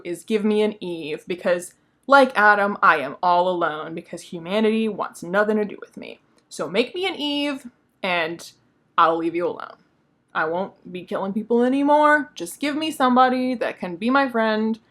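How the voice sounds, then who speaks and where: A woman's voice: medium pitch, a bit bright, natural voice. A bitter, lonely male creature airs his grievances in loose everyday phrasing, as a woman voices him. The retelling is casual and chatty, in a middling voice. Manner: retold casually, like paraphrased speech. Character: lonely resentful male creature, hurt and vengeful.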